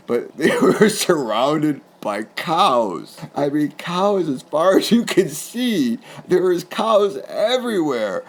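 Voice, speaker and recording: A man's voice: medium pitch, a little mellow. A man from New England telling a true personal story in a chatty, rambling way and laughing along as he goes. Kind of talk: casual spoken anecdote.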